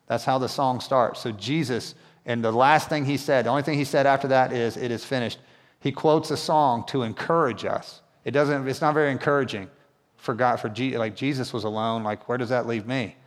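In a church hall full of long reverb, a pastor with a mid-range voice and fairly even intonation preaches briskly. His style is casual and conversational, and he keeps asking the congregation questions.

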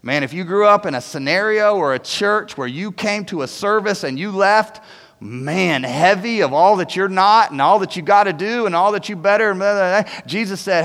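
High-voiced pastor preaching in a reverberant hall. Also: male voice, a little fast. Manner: conversational, animated, frequent "right?" asides. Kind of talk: sermon. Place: church sanctuary.

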